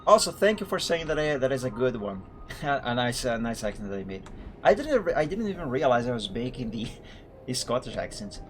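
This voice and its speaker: A man's voice: mid-range voice, sing-song, fairly quick. A man streaming a driving game, chatting casually and rambling as he corrects himself mid-sentence. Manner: rambling, self-correcting, chuckling. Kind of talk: casual gameplay commentary. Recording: music playing under the voice.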